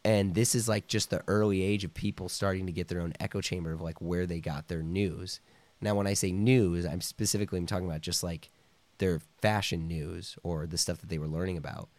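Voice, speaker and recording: A man with a low, deep voice, talking as a podcast guest in a casual, meandering way, padding his story with fillers and slipping into quoted voices. The sound is close and dry, with no room echo, and he coughs now and then. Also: steady tone, fairly quick, darkish tone. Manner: rambling, full of "like" and "you know", acts out quoted voices.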